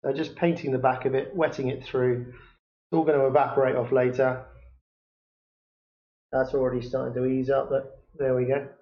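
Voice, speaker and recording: A man talking through a picture framing job step by step in a workshop, unhurried and hesitant, with many fillers. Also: mid-range voice, little pitch movement. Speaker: picture framer demonstrating. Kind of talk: hands-on workshop demonstration. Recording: echoey room, dull lo-fi sound.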